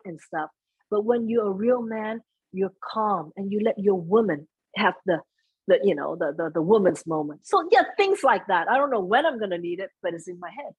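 A woman guesting on a casual podcast conversation, talking in a lively, earnest way with pitch that jumps up when she stresses a point. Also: breathy edge, no room sound, rough recording. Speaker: guest, stage emcee.

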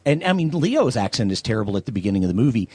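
Man from the South, blunt opinionated podcast co-host, husky, dry sound. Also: mid-range voice, big pitch swings, very fast, darkish tone, no echo. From American South. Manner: opinionated, blunt, frequent ums and restarts. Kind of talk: casual movie-review chat.

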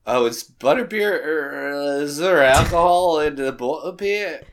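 Animated male improv comedian. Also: on the high side. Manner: hesitant, quick to laugh. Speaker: improv performer.

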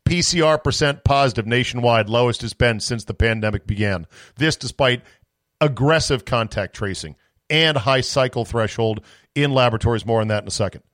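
A man's voice: mid-range voice, normal speed, fairly bright tone, no room sound, clean studio sound. A man hosting a sports podcast, ranting in a sarcastic, exasperated, profane way through an opinionated solo monologue.

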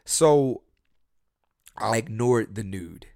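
A man hosting a podcast, telling his dating stories in a casual, profane way and swinging between loud and soft. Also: on the low side, expressive, very slow, vocal fry, dry recording, studio quality. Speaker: podcast host. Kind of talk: casual storytelling chat.

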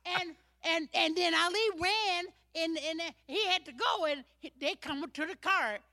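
Bright high-voiced Chicago woman storyteller. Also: a little slow, no room sound, studio quality. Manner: animated, dramatic storytelling with repetitions. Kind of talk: casual storytelling.

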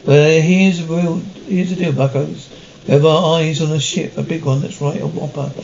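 An actor playing a mild, genteel pirate captain who talks in an earnest, overly polite way. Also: male voice, fairly high pitch, steady tone, moderate pace, creaky, a little mellow, dull audio, a little hiss or hum. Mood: rallying. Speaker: ship's captain. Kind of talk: comedy TV series acting.

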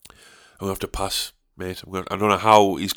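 A man's voice: low voice, little pitch movement, fast talker, fairly bright tone. A man hosting a podcast, ranting alone in a profane, sarcastic way. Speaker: podcast host. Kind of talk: solo podcast rant.

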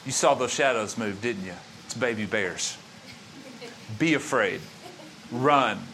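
A sly, menacing thief murmurs fear into the darkness, low and taunting. A man puts the voice on mid-sermon. He sounds coaxing and ominous. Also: takes it slowly, sharp tone, slight background noise, rough recording.

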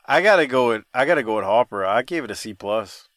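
Male podcast host, lively and bright, quick to laugh, profane banter, dry close-mic sound. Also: medium pitch, no echo. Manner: animated, profane storyteller who laughs often.

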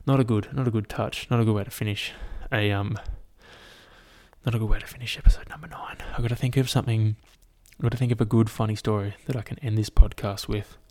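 A young man hosts his own podcast solo. His voice sits a little low, and he talks in a loose, unscripted way, swearing freely and leaning on fillers as he rants and spins a silly story. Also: fairly even intonation, fast talker, hardly any pauses, darkish tone. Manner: casual and profane, lots of fillers. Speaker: podcast host.

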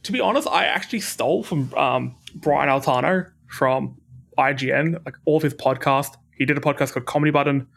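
A man hosting a podcast, chatting casually in a jokey, rambling way with quick bursts. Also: mid-range voice, gravelly, a bit bright. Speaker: podcast host.

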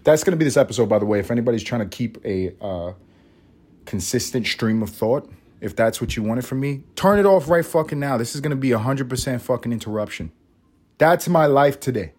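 A man's voice: medium pitch, fairly quick, a little mellow, breathy edge. Profane, rambling man hosting a podcast. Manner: profane, rambling, self-mocking. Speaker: podcast host. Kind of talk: casual solo podcast monologue.

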